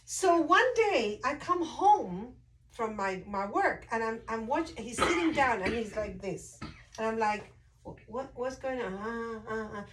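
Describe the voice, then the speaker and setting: A woman chatting casually as a host, telling a family story with lively acted-out quotes. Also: a little high, a little slow, recorded from a distance, a little hiss or hum, low-quality recording. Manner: animated storyteller, acts out quoted voices. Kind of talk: casual chat.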